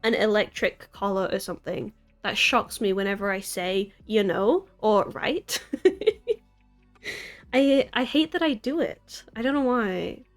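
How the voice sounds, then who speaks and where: A woman's voice: mid-range voice, a little slow. Young woman, American accent, casual stream chat, rambly, giggly, faint music underneath. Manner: rambling, giggly, self-deprecating. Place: apartment room in a city. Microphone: desk mic.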